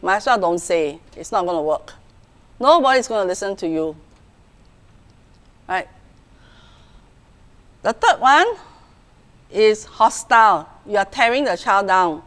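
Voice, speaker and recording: A woman's voice: medium pitch, fairly bright tone. Singaporean woman giving a parenting talk. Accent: Singaporean English. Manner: frequent "okay" and "right" check-ins, acts out parent voices. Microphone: video call.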